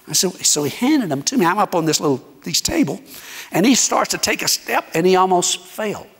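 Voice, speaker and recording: A man preaching as a guest speaker, telling a story in an animated way and acting out the dialogue. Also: sits high, creaky, breathy edge. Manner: animated, acts out dialogue, dramatic pauses. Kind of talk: sermon storytelling. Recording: echoey hall reverb.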